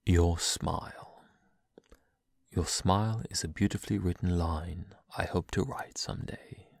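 A young man reading poems aloud in a soft, slow, breathy whisper, in the style of ASMR. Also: low voice, steady tone, dry recording, clean studio sound. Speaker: poetry reader.

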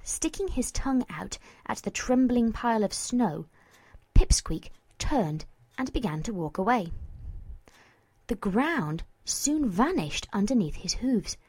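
A woman narrating a storybook at an unhurried pace, her voice fairly high and lively in its rise and fall. She drops now and then into soft whispered stretches, and the sound is close and dry. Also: slightly rough, dry recording. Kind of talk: storybook reading.

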